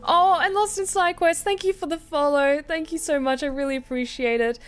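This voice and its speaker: A woman's voice: high voice, brisk. A woman, a voice actor, chatting casually and upbeat on a live game stream over background music, with frequent fillers and laughs. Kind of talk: casual livestream chat.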